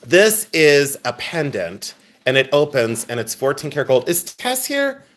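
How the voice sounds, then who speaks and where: A man's voice: mid-range voice, moderate pace, a bit bright. Giggly, joking man selling jewelry live. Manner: joking, giggly and self-mocking; chatty, talks straight to viewers. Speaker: livestream jewelry seller. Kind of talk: live sales stream chat.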